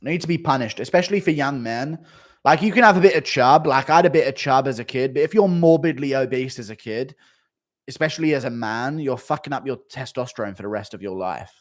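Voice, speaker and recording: A man's voice: mid-range voice, lively intonation, quick pace. A man on a casual livestream, reading out donations and chat. He laughs often and swears freely.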